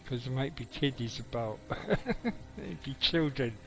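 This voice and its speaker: A man's voice: mid-range voice, moderate pace, creaky, a bit bright, poor audio. A middle-aged man, giving rambling, casual live commentary on his game and chatting with viewers, swearing now and then. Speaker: game streamer.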